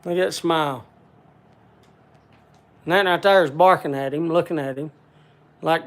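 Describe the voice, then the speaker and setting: A man with a fairly high voice hosts a relaxed livestream at a moderate pace, with fairly even intonation and long pauses. He rambles, reads viewer names, says "uh" a lot, and speaks to people in his audience by name.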